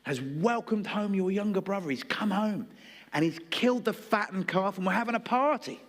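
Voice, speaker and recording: A household servant rattles off the news in a chatty, matter-of-fact way, put on by a male preacher. The voice sits a little high and echoes through a reverberant hall. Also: expressive, normal speed. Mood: excited.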